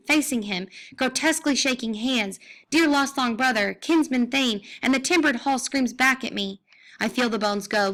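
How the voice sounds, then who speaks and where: A woman's voice: fairly high pitch, bright, forceful tone. A young adult woman reading a first-person story aloud, intense and rising to anguished cries at moments of pain. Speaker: audiobook reader. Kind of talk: dramatic first-person narration.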